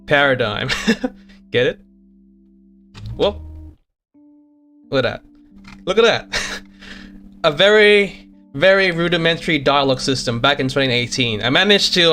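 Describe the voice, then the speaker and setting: A man's voice: medium pitch, sharp tone. A man streaming as a VTuber, chatting casually and chuckling often as he shows off games he made, repeating himself and trailing off mid-sentence. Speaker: VTuber streamer and game developer. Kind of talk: casual live-stream commentary.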